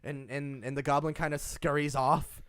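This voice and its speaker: A man's voice: fairly high pitch, animated, brisk, dry recording, clean studio sound. A man narrating as game master, stumbling and restarting as he describes the scene.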